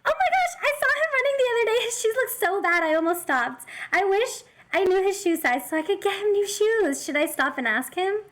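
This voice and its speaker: A woman's voice: very high voice, sing-song, a bit bright, voice pushed up, heavily acted. A woman voicing a stereotypical fussy, doting middle-aged mother who gushes in a breathless rush. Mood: gushing. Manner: gushing, breathless and rushed.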